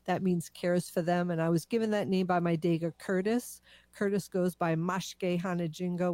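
Low-voiced woman sharing animal facts on radio. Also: no room sound. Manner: warm, laughing, informative. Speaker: radio co-host, animal advocate. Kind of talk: casual radio chat.

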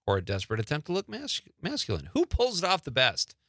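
A man hosts a casual live radio chat from the studio, upbeat and full of questions. His voice is bright and pushy-forward. The sound is close and dry, with no room around it. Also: a little high, wildly swooping pitch, fast, no room sound. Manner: chatty, upbeat, asks lots of questions. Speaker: radio show host.

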